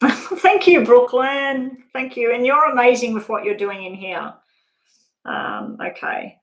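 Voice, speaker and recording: A woman's voice: fairly high pitch, lively intonation, slow. A woman doing a live-stream tarot reading, chatting casually with viewers and laughing often. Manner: casual, swears now and then. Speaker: tarot reader. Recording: roomy echo.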